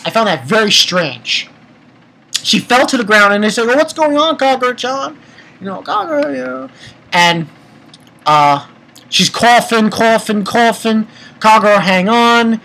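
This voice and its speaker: A man giving a casual, excitable manga chapter review, retelling scenes and breaking into profane rants. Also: high-pitched, unhurried, vocal fry, poor audio.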